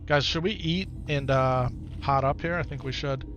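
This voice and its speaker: With faint music playing behind him, a Wisconsin-accented man talks at a moderate pace in a mid-range, fairly bright voice. He's from Wisconsin, United States, live-streaming a video game and commenting on it while reading chat, chatting easily and repeating his own phrases often.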